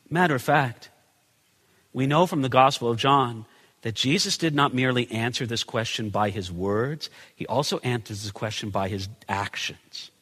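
A man's voice: mid-range voice, slightly rough, long reverb tail. A male pastor preaching a conversational sermon, asking rhetorical questions and acting out the people in the passage. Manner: animated, acts out the people in the story. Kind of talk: expository sermon.

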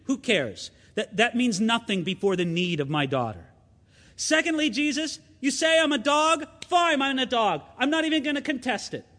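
A man's voice: extremely high pitch, sing-song, moderate pace, pushed and bright, big-room sound, pitched above the performer's own voice, exaggerated voice. A preacher voicing a desperate, bold pleading mother. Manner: pleading, defiant, emphatic.

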